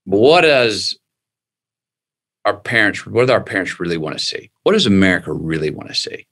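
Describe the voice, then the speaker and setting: He is a man with a lowish voice, talking with a bright, forceful edge. He speaks animatedly and with emphasis, slipping into the voices of people he quotes. This is a relaxed interview conversation. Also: moderate pace. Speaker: guest.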